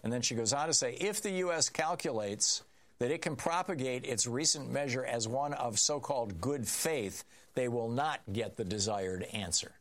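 A man's voice: mid-range voice, moderate pace. Sarcastic male talk radio host. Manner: sarcastic, conversational, restarts mid-sentence. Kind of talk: political call-in radio commentary.

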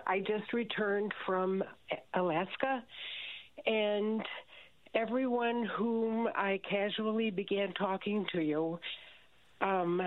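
An earnest, chatty woman calling in to a talk radio show. Her voice comes through a narrow phone line. She often stumbles and restarts her words. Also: mid-range voice. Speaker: caller. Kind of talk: call-in radio conversation.

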